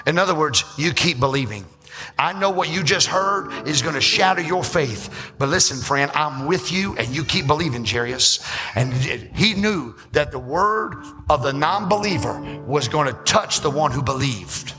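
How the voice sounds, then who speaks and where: A male pastor preaching a sermon, acting out church members and rising into shouts. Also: on the high side, lively intonation. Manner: acts out church members in quick asides. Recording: reverberant hall with music behind.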